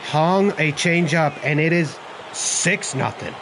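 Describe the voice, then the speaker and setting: A young man giving live, excitable commentary over his baseball video game, groaning and cheering at each pitch. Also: slow pace, noisy background. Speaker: gaming channel host.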